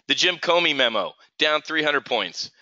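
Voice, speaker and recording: This live trading show's middle-aged host has a fairly high, lively voice, bright and forceful, delivered at a moderate pace. He rants heatedly, constantly restarting as he stumbles, captured in dull, dry lo-fi audio without echo.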